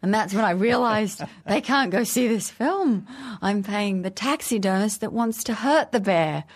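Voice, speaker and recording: A woman's voice: mid-range voice, expressive, a little slow. A middle-aged woman talks as a guest about her film role. She is chatty and self-mocking, with a mid-range voice. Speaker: actress guest. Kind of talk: interview chat.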